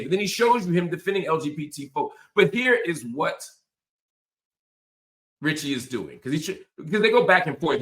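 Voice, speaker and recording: A man's voice: on the high side, fairly bright tone. A man hosting a political commentary monologue, talking in emphatic, impassioned punches. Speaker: host.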